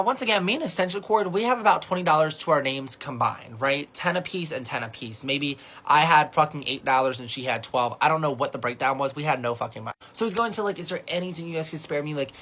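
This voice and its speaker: A man's voice: a little high, pushed and bright, slight background noise. A young adult man from California telling a casual storytime, chatty and swearing freely, with lots of "like" as he acts out the dialogue.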